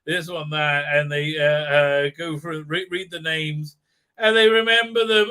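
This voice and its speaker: Sweary sarcastic man, very bright tone. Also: fairly high pitch, steady tone, measured pace, clean tone. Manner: sweary, sarcastic, lots of fillers. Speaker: commentator. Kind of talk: ranting show review.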